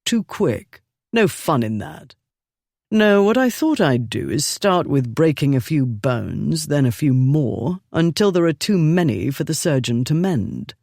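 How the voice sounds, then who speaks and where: A man voicing a calm, coolly menacing duke, mild and unhurried in tone. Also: fairly high pitch, vocal fry, no room sound, studio quality, heavily acted. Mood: cool menace. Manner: mild, amiable, lazy, unhurried.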